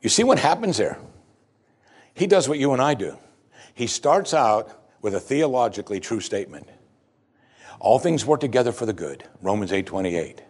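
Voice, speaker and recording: A man's voice: medium pitch, very animated, normal speed, long pauses, husky. A man preaching a sermon, reading scripture dramatically and explaining it to the congregation. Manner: dramatic scripture reading, rising loud for the psalmist's lament.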